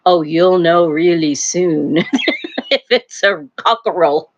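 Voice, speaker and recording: A woman's voice: lowish voice, takes it slowly, dull audio. An older woman hosting a casual live stream from home, chatting in a rambling way and laughing often. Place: home, near a wood stove.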